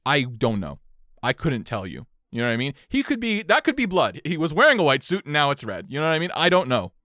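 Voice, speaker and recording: A man's voice: a little high, sing-song, rapid-fire, sharp tone, dry recording, clean studio sound. A young man co-hosting a podcast, telling a story in casual chat with swings of energy and a lot of swearing. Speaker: podcast co-host.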